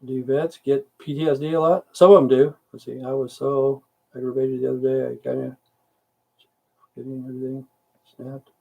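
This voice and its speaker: A middle-aged military veteran hosting a casual livestream reads comments from viewers and responds with profane, rambling grumbles. His voice is gravelly and husky, medium-pitched and level, at normal speed, and the sound is lo-fi.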